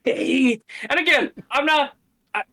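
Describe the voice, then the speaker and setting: Bright high-voiced man chatting on stream. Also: unhurried, gravelly. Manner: animated, mimics voices, laughs often. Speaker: streamer co-host. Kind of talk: casual stream chat reacting to a video.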